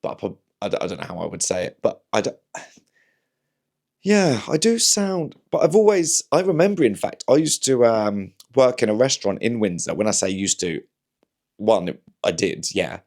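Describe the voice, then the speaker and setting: His voice is fairly low, with big pitch swings, a moderate pace and a slightly mellow quality. He's a young comedian and podcast host from Slough with a somewhat posh southern English accent, rambling through a casual solo chat full of fillers, restarts and self-mockery.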